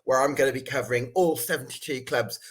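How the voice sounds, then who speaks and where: Young male podcast host, friendly and chatty, husky voice at middle pitch. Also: fairly even intonation, fast talker, a bit bright, low-quality recording. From Birmingham area. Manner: friendly, chatty, calls the guest mate. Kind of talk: casual chat.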